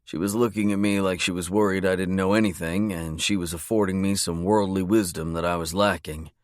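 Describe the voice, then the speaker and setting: A man reading a romance audiobook in a measured, low-key narration. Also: steady tone, no echo, studio quality. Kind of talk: scripted narration.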